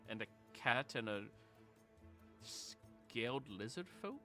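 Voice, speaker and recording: A man running a tabletop game as game master, bright and forceful in tone. He talks casually, makes quick rulings and laughs often. Faint music plays underneath. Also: mid-range voice, lively intonation.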